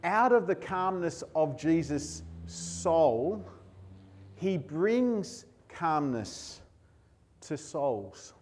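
A man preaching a sermon as pastor, emotional, moving between hushed and raised passages. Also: on the high side, big pitch swings, drawn-out words.

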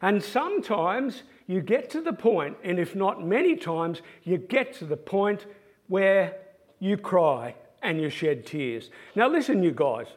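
Male preacher, high voice, swoops wildly while telling anecdotes. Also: unhurried, husky. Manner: animated anecdotal storytelling. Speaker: former pastoral care pastor. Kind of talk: sermon-style talk.

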